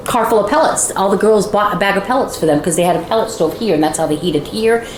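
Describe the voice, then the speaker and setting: A woman's voice: mid-range voice, fast talker. A woman telling a firsthand story as a house guide, acting out the voices of the people in it, recorded inside a large old house. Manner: lively, acts out quoted voices. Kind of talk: animated storytelling. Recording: echoey room with background noise.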